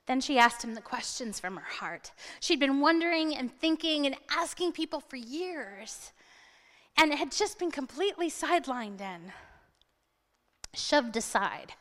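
Animated woman preacher, high voice, storytelling sermon in a reverberant hall. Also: unhurried. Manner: animated, dramatic retelling with asides.

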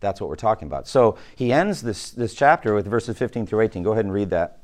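A man's voice: on the low side, animated, fast talker, darkish tone. Man preaching a conversational sermon. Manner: conversational teaching, asks the room questions; repeats and restarts words. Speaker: pastor.

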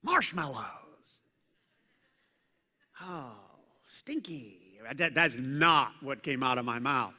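A middle-aged male pastor delivering a sermon with a lively, swinging delivery, his fairly high, bright voice ringing out. Playful storytelling alternates with loud, commanding bursts. The sound carries the long reverb of a large church hall. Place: church sanctuary.

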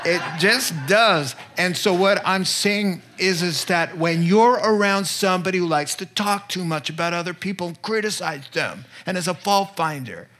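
Conversational pastor preaching. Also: male voice, high voice, normal speed, few pauses, pushed and bright. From northeastern United States. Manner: conversational, candid, checks in with listeners often. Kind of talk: sermon.

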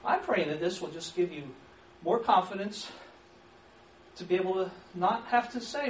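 A man teaching a church class on counseling, lively and acting out sample questions, with an occasional chuckle. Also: a little high, fairly quick. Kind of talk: church training lecture. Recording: echoey room from far off, faint hiss.

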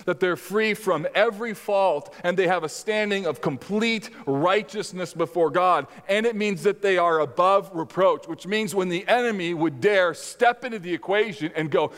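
A middle-aged man preaching a sermon as pastor, telling stories animatedly with sudden loud bursts. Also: high-pitched, normal speed. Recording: long hall reverb.

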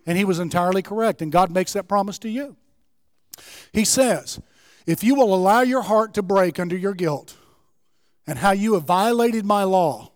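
A pastor preaching a sermon in a church, impassioned and rising to shouts, then leading a closing prayer. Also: male voice, high voice, no echo, studio quality, long reverb tail. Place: church sanctuary.

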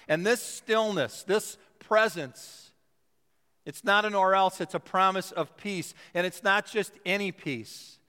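Preaching in the sanctuary, this pastor has a high, pushed, bright voice that stays clear and resonant. He leans on key words, stretching them out for emphasis, and the church's long reverb trails after him.

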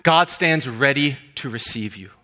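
A man preaching a sermon, swinging between loud fervent passages and quiet, hushed stretches. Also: mid-range voice, lively intonation, a little slow. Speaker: pastor.

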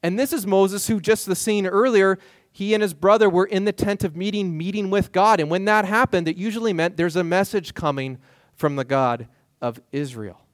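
A man preaching a sermon as pastor, lively and acting out the questions of biblical figures in his own voice. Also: high voice, moderate pace, no room sound, studio quality.

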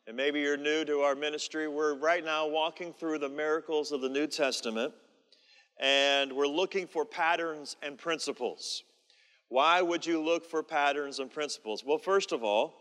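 A man's voice: a little high, a bit bright, clear, resonant tone, big-room sound. A man preaching a sermon as pastor, leading the congregation in repeated declarations and preaching emphatically. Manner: leads congregation in call-and-response declarations; emphatic, repetitive preaching with a slow build. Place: large church hall with live congregation.

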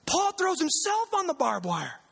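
A man's voice: very high-pitched, wildly swooping pitch, moderate pace, vocal fry, a bit bright. A man preaching a sermon as pastor, conversational and emphatic, repeating lines for weight. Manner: conversational, emphatic, uses sarcasm and repetition. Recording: long hall reverb.

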